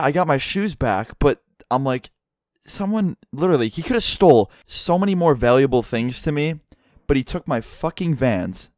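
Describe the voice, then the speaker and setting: Young male YouTuber, casual storytime delivery, heavy swearing, mid-pitched voice, dry close sound. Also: dry recording. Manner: profane, animated storytelling with acted quotes.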